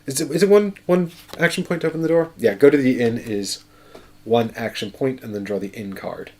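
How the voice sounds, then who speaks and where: A man's voice: medium pitch, fairly quick, a little mellow. Man, game show host, casual playthrough, thinks aloud, mid-range voice. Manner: chatty, thinks aloud, counts moves.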